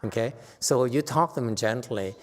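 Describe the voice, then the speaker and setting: A man teaching Buddhist meditation addresses a class in a reverberant temple hall, his mid-range voice moving at a moderate pace over slight background noise. Earnest in tone, he grows more forceful and animated, with occasional laughter.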